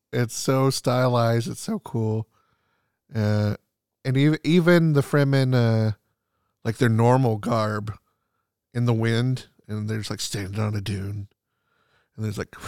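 A man co-hosting a podcast, chatting excitedly about a movie, full of "like" and acting out scenes. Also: medium pitch, measured pace, smooth, dry recording, studio quality. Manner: excitable, filler-heavy, acts out scenes. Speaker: podcast co-host. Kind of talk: casual movie chat.

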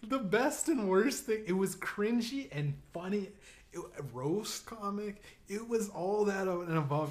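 A man's voice: fairly high pitch, normal speed, a little hiss or hum. A man hosting a podcast, telling a story in a loose, profane way, laughing often and acting out what his friends said. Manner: profane, laughing, animated storytelling with acted-out quotes. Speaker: podcast host. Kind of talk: casual storytelling.

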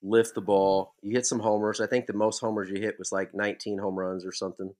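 A man's voice: fairly low pitch, level tone, a little fast, a little mellow. A man hosting a casual podcast interview, telling playful team stories and asking about his guest's hitting. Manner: easygoing storyteller, playful prankster tone. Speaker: podcast host, former ballplayer.

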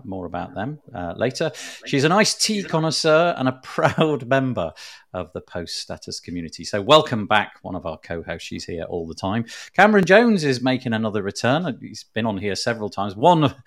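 A man hosting a podcast in casual chat, chatty and self-deprecating, laughing often. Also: fairly low pitch. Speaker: podcast host.

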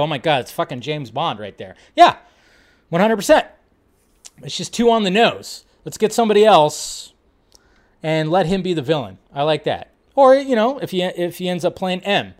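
A man hosting a casual film-news livestream, talking in an animated, swearing, excitable way. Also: a little high. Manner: animated, swears often, loud bursts. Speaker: host.

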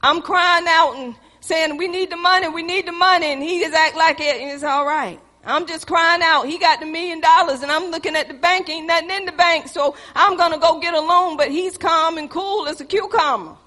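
A woman preaching with passion, her very high, bright voice surging loud and then dropping to a hush. A long hall reverb trails behind her words. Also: moderate pace, few pauses. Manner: passionate, swinging between loud exhortation and hushed intensity. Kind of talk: sermon.

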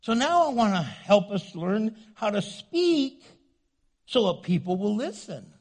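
A man preaching a sermon, animated, swinging from loud to hushed and acting out the voices he quotes. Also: sits high, measured pace. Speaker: pastor.

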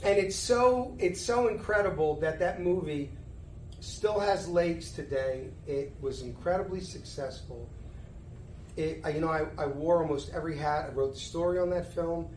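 A middle-aged man with a Philadelphia accent, telling stories as a guest in a relaxed interview. He pitches his voice a little high and slips into the voices of the people in his tales. The room is echoey, with a faint hiss of noise behind him. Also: normal speed. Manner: animated storyteller who acts out dialogue. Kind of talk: casual storytelling interview. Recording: roomy echo, faint background noise.

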